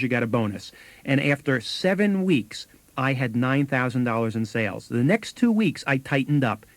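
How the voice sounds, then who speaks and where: A man recounts sales anecdotes with lively, swinging pitch and acted-out quotes from the people in them. His voice sounds close and dry, with no room around it. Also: no echo. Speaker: sales trainer co-host. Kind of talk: storytelling on a sales training tape.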